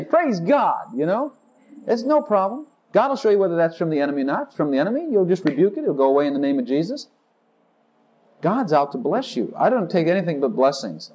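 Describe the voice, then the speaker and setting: A male preacher delivering a sermon with bubbling, exuberant energy. His voice sits high and leaps wildly up and down as he piles on rapid declarations, now and then slipping into a sung line or a laugh. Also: darkish tone.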